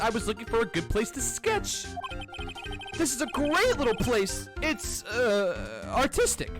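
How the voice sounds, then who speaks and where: A man voicing an excitable, lovesick young man with a whiny, melodramatic manner while reading game dialogue aloud. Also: heavily acted. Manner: whiny, melodramatic, high-pitched.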